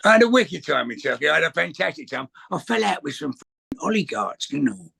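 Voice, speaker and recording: Gravelly older man telling stories. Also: fairly high pitch, very animated, a little fast, sharp tone. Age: 60s. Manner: rambling anecdotes with swearing and acted quotes. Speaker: guest answering questions. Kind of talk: casual chat, storytelling.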